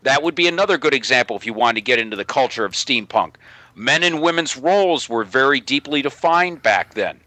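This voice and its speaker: A man's voice: mid-range voice, lively intonation, a little fast, bright, forceful tone, no echo. A middle-aged man in a casual panel chat, rambling and correcting himself as he talks.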